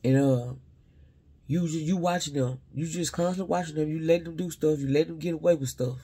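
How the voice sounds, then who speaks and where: A man's voice: on the high side, fairly even intonation, brisk, dark tone, husky. A man giving a casual spiritual reading to his viewers, rambling and talking straight to them while often second-guessing his own words.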